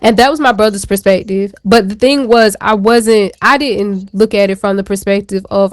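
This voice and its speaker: A woman talks candidly on a talk show, rambling through a personal story with easy slang and frank asides. Her voice sits at an ordinary middle pitch. It is recorded dry and close, with no room sound. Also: steady tone, normal speed, hardly any pauses, dry recording. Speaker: show co-host. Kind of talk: casual chat.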